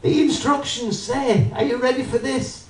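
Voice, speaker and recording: Stand-up guy, high lively voice, bit far off the mic. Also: moderate pace. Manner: animated, addresses the audience, acts out voices. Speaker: stand-up comedian. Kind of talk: stand-up routine. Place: live comedy venue with audience. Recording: roomy live venue, mic from a distance.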